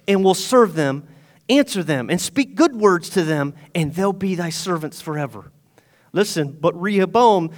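High-voiced man preaching a sermon. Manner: retells scripture in casual paraphrase, swings between loud and hushed. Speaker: pastor. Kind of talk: sermon with scripture reading.

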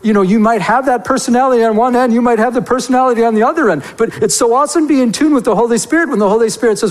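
A man preaching in a church, his voice sitting high for a man and carrying a long reverb off the walls. He tells stories with lively energy and keeps turning to the congregation with "remember?" questions. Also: very fast, few pauses. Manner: animated storytelling with repeated rhetorical questions to the congregation. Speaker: pastor. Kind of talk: sermon.

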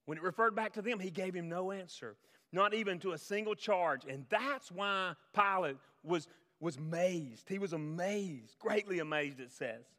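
A man preaching a sermon as a pastor, swinging between loud emphasis and hushed, low-voiced reflection. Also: normal speed, in a large hall. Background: band music.

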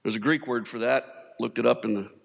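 A man's voice: medium pitch, a little fast, creaky. A man preaching a sermon in a conversational, humorous way, with quoted voices acted out. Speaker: pastor. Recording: long hall reverb.

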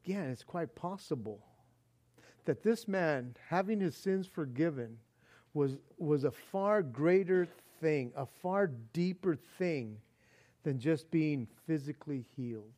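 Male pastor, high voice, expressive sermon with loud and hushed swings. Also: slow. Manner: animated, swings between booming and hushed; repeats words, restarts.

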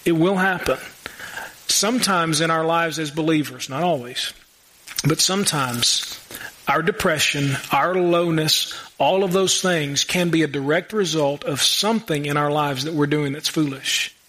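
A man's voice: a little high, a little slow, pushed and bright. A man preaching a sermon in a small church, asking the congregation rhetorical questions with casual asides. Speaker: pastor.

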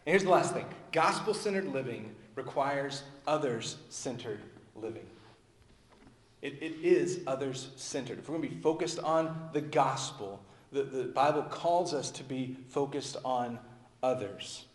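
A male pastor delivers a conversational sermon at a middling pitch. His phrases sink low and soft at their ends. The sound is roomy, with a long reverb tail like a large church sanctuary. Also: a little slow. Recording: echoey hall with long reverb.

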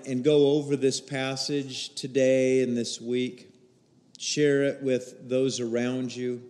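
A middle-aged man preaching a sermon as pastor, earnest and steady, rising into emphatic bursts. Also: medium pitch. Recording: long hall reverb.

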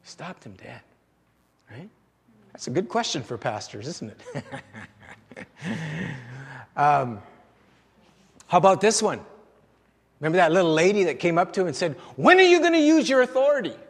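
Guy pastor w a high voice, chatty sermon, lots of questions to the crowd, big echoey hall. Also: lively intonation, a little slow, pauses often, husky. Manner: conversational, rhetorical questions to the congregation.

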